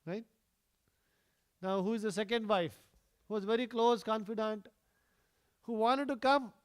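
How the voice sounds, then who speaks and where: A man in a fairly high register tells a parable as part of a temple sermon. He talks casually, leaning on "you know," chuckling, and quizzing his listeners. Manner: conversational, many "you know" fillers, chuckles, quizzes the audience. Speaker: speaker at a temple. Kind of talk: storytelling sermon.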